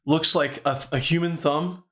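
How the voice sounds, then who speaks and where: A man with a somewhat high voice chats on a comedy podcast. He rambles crudely and swears often, thinking out loud as he goes. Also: steady tone, unhurried. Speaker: podcast co-host. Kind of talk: casual comedy podcast chat.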